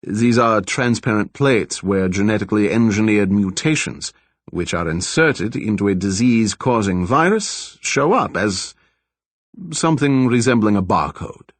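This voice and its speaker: Man playing a scientist with a slight foreign accent, measured, explanatory, lively rise and fall, dry close audiobook sound. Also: lowish voice, no room sound. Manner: measured, explanatory, politely evasive. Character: middle-aged male lab director, soft-spoken, lecturing, with a slight foreign accent. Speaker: laboratory scientist.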